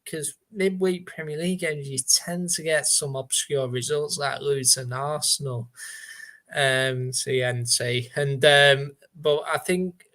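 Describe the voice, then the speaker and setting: A man chatting casually on a football fan panel, giving his opinions in a relaxed way. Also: a little high, a little slow.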